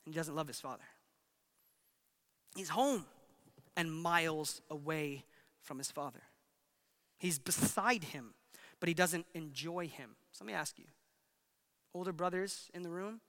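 Bright-voiced preaching man in a hall. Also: high-pitched. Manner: emphatic preaching, swings between loud and hushed. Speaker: pastor. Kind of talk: sermon.

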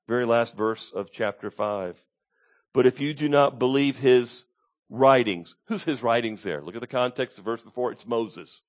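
A man preaching a sermon as pastor, emphatic, repeating his key points and asking the congregation to call out answers. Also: mid-range voice.

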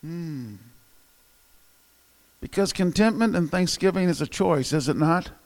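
A man's voice: on the high side, measured pace, darkish tone, in a large hall. A male pastor preaching a sermon, telling jokes and polling the congregation in a chatty way. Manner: conversational, polls the congregation. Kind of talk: sermon with humor and audience interaction.

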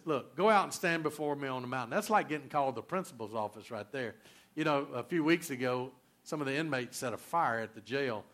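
A male pastor preaching a sermon, emphatic and repetitive, swinging between loud and quiet. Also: mid-range voice.

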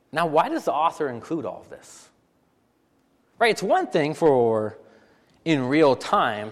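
Male pastor, sermon delivery, higher register, repeats lines for emphasis, reverberant sanctuary sound. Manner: animated, rhetorical questions, repeats for emphasis.

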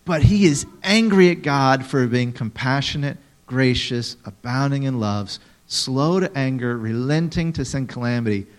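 A man in the middle of a sermon, speaking to a room of listeners at a mid pitch. He teaches in a lively way, asks people questions and acts out the lines he reads with big dramatic swings. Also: moderate pace, hardly any pauses. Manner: animated, acts out quotes dramatically, talks to audience members. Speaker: pastor.

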